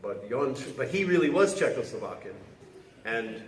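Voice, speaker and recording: A male actor talks through a panel story in a relaxed, rambling way, starting over often. His voice rings around a large hall and is picked up from far off with faint room ambience. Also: medium pitch, background noise. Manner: chatty, halting with restarts and laughs. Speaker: actor guest on a convention panel. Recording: roomy hall audio taped from far off.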